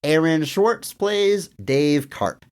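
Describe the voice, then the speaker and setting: A man co-hosting a film podcast, chatting casually with dry jokes and drawn-out emphasis. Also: fairly high pitch, smooth. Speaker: podcast co-host. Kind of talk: casual film review chat.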